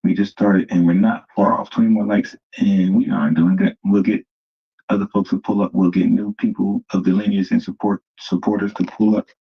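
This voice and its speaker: Livestream host: a man with a deep, husky voice who gives mocking, casual commentary to his viewers, on slightly muffled audio. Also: level tone, normal speed. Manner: mocking, talks straight to viewers as "family". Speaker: livestream host reacting to a debate clip.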